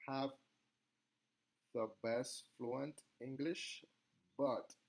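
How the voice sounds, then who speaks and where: A man speaks English, presenting a class assignment at a slow, unhurried pace. His delivery halts often, with pauses and ums between phrases, and his voice has a gravelly fry. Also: mid-range voice. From Latin America. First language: Spanish. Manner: halting, with many pauses and ums. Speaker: student giving a class presentation. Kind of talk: recorded class assignment monologue.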